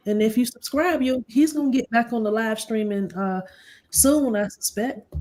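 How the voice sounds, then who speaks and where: A woman's voice: a little high, normal speed, mellow. A woman in her forties hosting a casual group live stream over a video call, earnest and upbeat, speaking in bursts with frequent restarts. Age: 40s. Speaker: channel host of a live stream.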